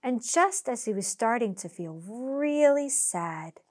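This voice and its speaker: Slow, lively woman reading a children's story. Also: fairly high pitch. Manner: slow, animated, expressive. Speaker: teacher. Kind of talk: children's story read-aloud.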